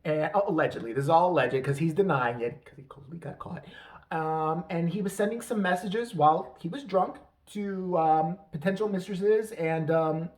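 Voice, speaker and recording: A man's voice: a little high, moderate pace, recorded from a distance. A man hosting a podcast, ranting in a profane, self-mocking, comedic way. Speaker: podcast host. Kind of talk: casual comedic rant.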